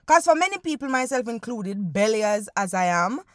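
A woman's voice: on the high side, fairly quick, dry recording, clean studio sound. Playful Jamaican woman hosting a podcast. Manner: animated, playful, guided-imagery storytelling with Jamaican slang. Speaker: podcast host. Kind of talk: casual solo podcast monologue.

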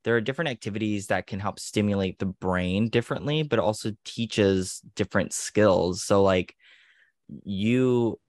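A man's voice: on the low side, normal speed, darkish tone, dry recording. A man co-hosting a parenting podcast, explaining at length in a casual way, often restarting words. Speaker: podcast co-host.

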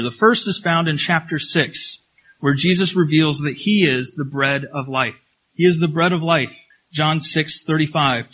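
A man with a slightly higher-than-average voice delivering a sermon as a pastor. He leans on key phrases, repeating them for weight. He poses rhetorical questions to the congregation and eases his pace when reading scripture aloud. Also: fairly bright tone, poor audio.

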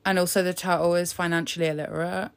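A woman's voice: on the low side, flat delivery, quick pace. Woman doing sassy live commentary, camp, laughs a lot. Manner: campy, laughing often, sassy asides. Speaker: live commentator on a press conference. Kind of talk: casual sarcastic live commentary.

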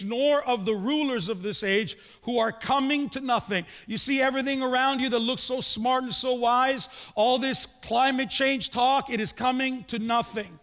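A man's voice: extremely high pitch, fairly bright tone, big-room sound. A man preaching a sermon as pastor, talking conversationally and asking rhetorical questions.

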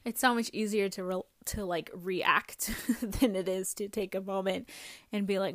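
A woman's voice: mid-range voice, steady tone, a little slow, dry recording. Candid woman musing on a podcast, dry sound. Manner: candid, rambling, laughs often. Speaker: podcast host. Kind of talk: personal reflective monologue.

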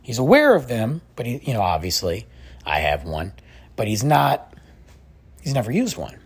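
A man hosting a podcast who tells a story in a casual, animated, exasperated way and says "like" often. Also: on the high side, husky. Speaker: podcast host.

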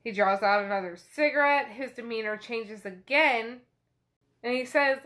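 A woman's voice: a little high, normal speed, a bit bright. A woman casually retelling a novel chapter, chatty and full of fillers. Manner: chatty paraphrasing with frequent fillers. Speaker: book podcast host.

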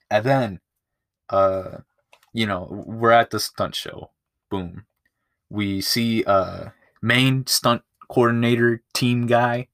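A man with a lowish, slightly bright voice hosts his own podcast, retelling a movie in a casual review chat. He rambles, swears, chats freely, and often loses his place. There is no room sound.

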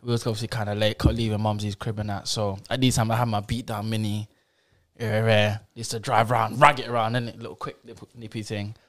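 A man's voice: lowish voice, flat delivery, fairly quick. A young man telling a story in a laid-back, laughing way during casual chat. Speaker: podcast co-host.

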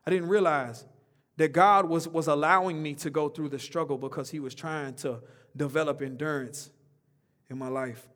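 A man preaching a sermon in a casual, conversational way, calling out to the congregation for responses and swinging between loud emphatic lines and soft, low ones. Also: fairly even intonation, normal speed. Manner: call-and-response preaching, rising emphatic then dropping soft; informal, conversational speech.

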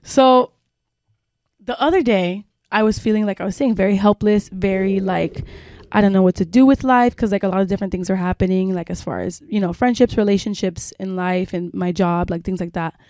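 A woman co-hosting a chatty podcast tells a long personal story, rambling along with lots of "like" and casual swearing. Her mid-range voice is warm and fairly quick, recorded close and dry with no room sound.

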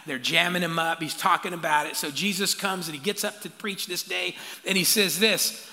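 A man preaching a sermon as the pastor, animated, with call-outs and playful asides to the congregation. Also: high voice, normal speed. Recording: long hall reverb.

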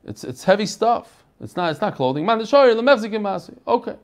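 High and sing-song, the American man's voice moves fast as he teaches Talmud. He intones the Aramaic in a singsong before breaking it down in easygoing English, chatting with his students along the way.

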